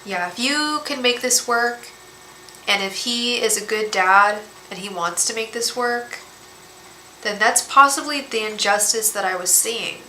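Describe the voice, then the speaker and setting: A woman reading tarot cards on a live stream, talking gently and emotionally, often repeating and restarting her words. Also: fairly high pitch, unhurried. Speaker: tarot reader and psychic medium. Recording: echoey room with faint background hiss.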